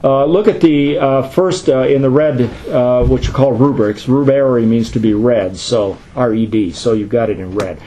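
A man's voice: medium pitch, steady tone, normal speed, few pauses, warm tone, a little hiss or hum, rough recording. A middle-aged man, a pastor, teaching a class in a conversational way, asking questions and answering them himself.

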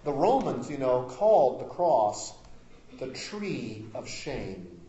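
A man preaching a sermon as pastor. He is emphatic, rising to loud declarations and dropping to quiet asides. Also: medium pitch, sing-song, slow, echoey room, dull audio.

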